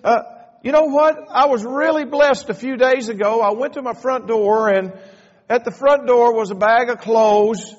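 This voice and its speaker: A man's voice: extremely high pitch, normal speed, big-room sound, dull audio. A man voicing a grateful, humble older man while retelling a story in a sermon.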